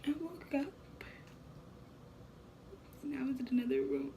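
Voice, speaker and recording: A nineteen-year-old woman talking in a soft, tearful, often whispery way for a personal vlog. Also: high voice, wildly swooping pitch, a little slow, slight background noise. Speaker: vlogger.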